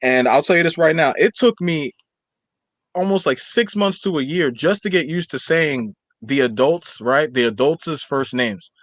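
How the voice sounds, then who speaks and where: A man's voice: fairly high pitch, a little slow, dry recording. A young man co-hosting a podcast in casual chat, talking animatedly and rambling with lots of fillers. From Nigerian household. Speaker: podcast co-host.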